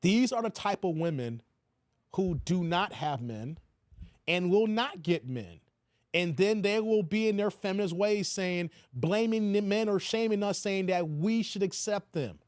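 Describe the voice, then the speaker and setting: A man's voice: sits high, animated, measured pace, darkish tone, no echo, clean studio sound. A man hosting his own channel, giving blunt, preachy livestream commentary. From United States. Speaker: channel host.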